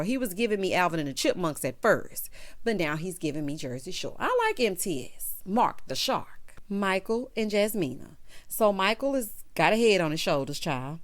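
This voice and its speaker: A woman giving a sassy, casual recap of a reality show, often calling people "child" and "honey.". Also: normal speed. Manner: sassy, animated, laughs loudly, says "child" and "honey"; acts out cast members in high voices.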